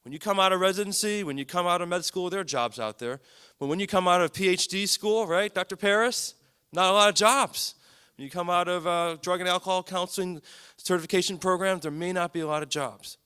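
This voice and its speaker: Speaking fairly quickly in a high, pushed, bright voice with a clear, resonant tone, a male psychiatrist addresses a lecture audience. He's earnest and emphatic, driving points home through repetition.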